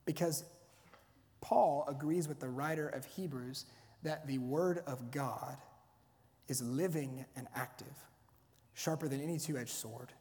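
Delivering a sermon like a conversation full of stories, this man keeps restarting his phrases. He has a mid-range, slightly mellow voice, speaks a little slowly, and leaves long pauses, all within a long hall reverb.

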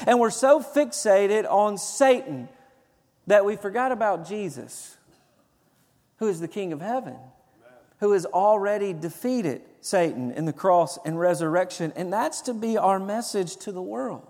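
A man's voice: high-pitched, expressive, moderate pace, a little mellow, in a large hall. A man preaching a sermon as pastor, building to emphatic bursts of conviction. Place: church sanctuary.

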